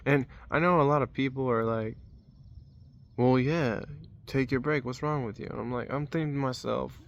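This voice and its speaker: A man's voice: medium pitch, normal speed, gravelly, muffled recording. A young man telling a rambling, frustrated story about his job, swearing often and acting out both sides of the conversation. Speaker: vlogger. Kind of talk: casual storytelling rant.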